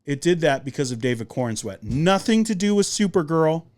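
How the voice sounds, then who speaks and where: Young male podcast host, chatty and rambling, slightly high voice with animated pitch jumps. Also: a little fast. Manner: animated, rambling, lots of fillers. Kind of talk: casual movie review talk.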